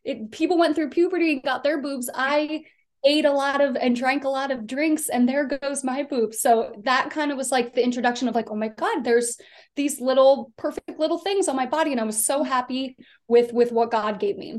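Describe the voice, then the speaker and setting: A woman from Delaware on the US East Coast, appearing as a podcast guest, tells her personal story in a chatty, rambling way full of fillers. Her voice sits high and her pace is moderate.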